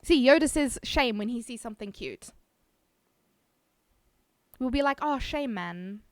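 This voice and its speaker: A woman's voice: high voice, measured pace, dry recording. A South African woman streamer chatting casually with her viewers, giggly and self-teasing. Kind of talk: casual chat reading viewer messages.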